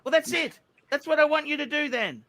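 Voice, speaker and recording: Angry high-voiced man ranting. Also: brisk, a bit bright, slight background noise. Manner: angry, swearing, repeats himself. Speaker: livestream host. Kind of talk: livestream rant.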